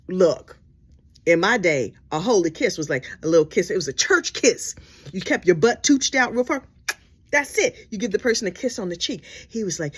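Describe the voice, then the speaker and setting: Sassy, animated woman telling gossip. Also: lowish voice, moderate pace, breathy edge. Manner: animated, sassy, dramatic asides. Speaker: storyteller. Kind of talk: casual storytelling.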